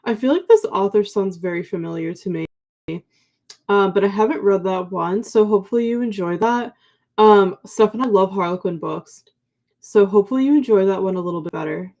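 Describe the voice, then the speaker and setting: Young woman host, mellow sleepy morning voice, chatty filler-heavy livestream talk. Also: medium pitch, a little fast. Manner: chatty, many ums and likes, warm thanks to viewers. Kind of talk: casual livestream chat reading viewer comments.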